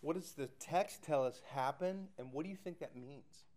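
A man's voice: a little high, moderate pace. A middle-aged male pastor preaching and leading a Bible study, telling stories with acted quotes. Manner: animated storytelling with acted quotes.

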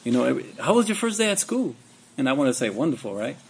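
A man's voice: medium pitch, big pitch swings, racing, creaky, slight background noise. A man from California telling a personal story in a group discussion, conversational, often checking in with "right?". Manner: conversational, says "right?" and "you know" often.

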